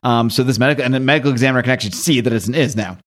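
Animated male podcast host recapping comics. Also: medium pitch, racing. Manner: animated story recap, laughs at own jokes. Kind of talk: casual chat.

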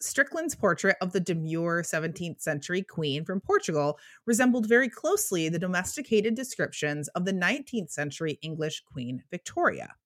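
Woman cohosting a history podcast, lowish voice that swoops around, reads old poems slow. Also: fairly bright tone. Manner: reads quotes slowly and with a lilt. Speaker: podcast co-host. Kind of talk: history podcast, reading aloud.

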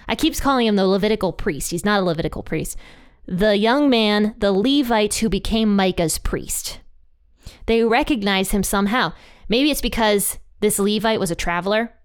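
A woman's voice: medium pitch, clean tone. A woman teaching a Bible passage in a casual, chatty way, retelling the story conversationally. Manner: chatty, conversational retelling with playful quoted voices.

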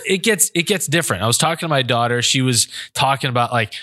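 A man co-hosting a podcast, chatting casually and breaking into laughter as he tells his stories. His voice is bright and forward. The sound is dry and close. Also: mid-range voice, expressive, quick pace, no echo. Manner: laughs often while telling stories. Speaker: podcast co-host. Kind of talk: casual storytelling chat.

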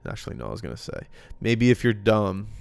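A man's voice: fairly low pitch, very animated, quick pace, vocal fry, a little mellow, smooth, no room sound. A young man hosting a casual podcast chat, loose and slangy, on a dry close mic. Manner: laid-back, loose and slangy. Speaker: podcast host.

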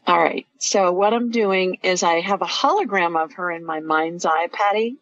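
Lady radio host, lowish voice, dry muffled sound, walks callers through what she sees. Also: normal speed, fairly bright tone. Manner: chatty, reassuring, describes visions step by step. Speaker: radio show host, intuitive healer. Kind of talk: live call-in radio show.

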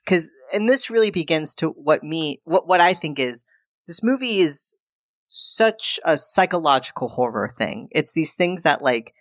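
Podcast co-host, woman, low pitch, animated storyteller voicing characters in passing. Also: no echo, studio quality. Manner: animated retelling, acting out characters' lines. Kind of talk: casual chat recapping a film.

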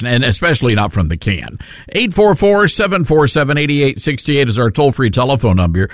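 A man's voice: medium pitch, no echo, studio quality. A man hosting a talk radio show, joking and laughing. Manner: jokey, laughing, lively. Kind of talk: casual radio chat.

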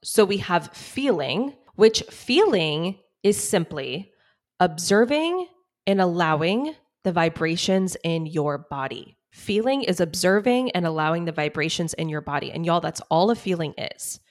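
A woman's voice: fairly low pitch, lively intonation, a little slow. A woman hosting a solo podcast, talking earnestly and conversationally about feelings, with casual fillers like "y'all" and "like.". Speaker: podcast host, coach.

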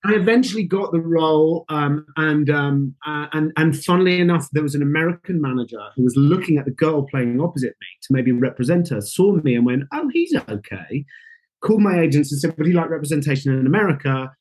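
Husky British man telling a story. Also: on the high side, a little fast, hardly any pauses. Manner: animated, acts out quoted voices, emotional. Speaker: actor, interview guest. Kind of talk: casual storytelling interview.

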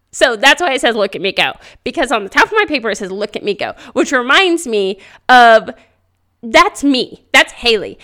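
A woman hosting a podcast, telling stories in a loud, animated way and laughing often into a podcast microphone. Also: sits high, normal speed. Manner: speaks loudly; animated storytelling with frequent laughter. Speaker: podcast host. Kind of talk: casual motivational podcast monologue.

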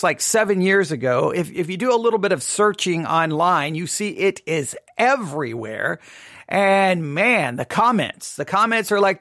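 A man from Texas, a Christian commentator, talking in a casual monologue into a microphone, candid and animated, acting out the voices in his stories. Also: high voice, dry recording, clean studio sound. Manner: candid, animated storytelling with acted-out quotes. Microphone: studio microphone.

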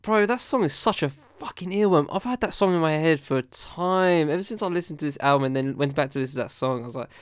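A man's voice: on the high side, quick pace, hardly any pauses, clean tone, no echo, clean studio sound. A man hosting a casual podcast, talking through albums in a loose, rambling way with many fillers and restarts. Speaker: podcast host reviewing albums. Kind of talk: casual chat.

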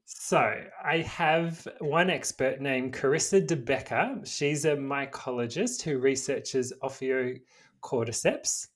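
A man's voice: mid-range voice, takes it slowly. A man co-hosting a casual podcast, explaining research and laughing easily as he talks. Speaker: podcast co-host presenting research. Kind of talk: casual chat.

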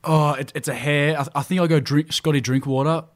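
A man's voice: fairly high pitch, steady tone, brisk. A young Australian man chatting on a family podcast, rambling and filling gaps with ums. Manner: rambling storyteller, trails off with ums. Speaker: family member guest. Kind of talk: casual family podcast chat.

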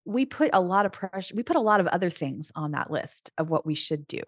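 A middle-aged Christian life coach speaks fairly quickly in a fairly low, breathy voice during a casual podcast conversation. Earnest and animated, she frequently restarts her sentences, and the clean studio recording has no room sound.

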